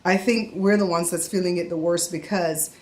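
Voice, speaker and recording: A woman's voice: fairly low pitch, steady tone, moderate pace, a little mellow. Chatty middle-aged woman from Belize. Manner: chatty, laughs often while talking. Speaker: family vlogger. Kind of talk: casual vlog chat. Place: at home.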